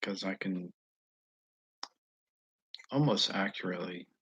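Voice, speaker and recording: A man with a Northeast US accent, hosting a casual live chat with viewers. He rambles slowly, with frequent pauses and fillers and asides that trail off quietly. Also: low voice, slightly rough, dry recording, highs cut off. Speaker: channel host answering viewers.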